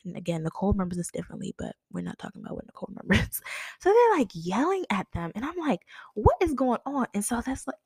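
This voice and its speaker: A young woman tells a story in a lively, swooping voice, acting out what people said with big leaps in pitch. The recording is close and dry, with no room sound. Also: very fast, breathy edge, no echo. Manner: animated, acts out quoted lines with big pitch jumps. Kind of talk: casual storytelling.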